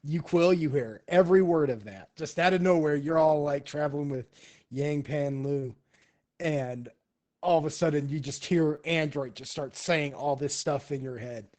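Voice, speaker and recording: A man's voice: fairly high pitch, moderate pace, a little mellow. A man narrating a tabletop game as game master, with lots of fillers and hesitations.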